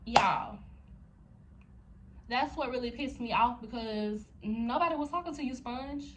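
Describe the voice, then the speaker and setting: A woman's voice: a little high, expressive, a little slow, a little hiss or hum, poor audio. A young woman vlogger telling a story to her viewers, heated and profane, addressing them directly. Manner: talks straight to viewers. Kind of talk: storytime vlog.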